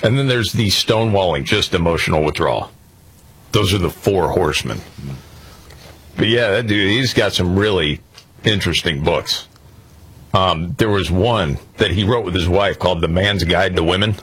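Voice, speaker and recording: A male radio host with a low, husky voice talks in a relaxed, chatty way. He tells stories loosely, with plenty of fillers and asides. It sounds like easygoing on-air banter. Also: moderate pace.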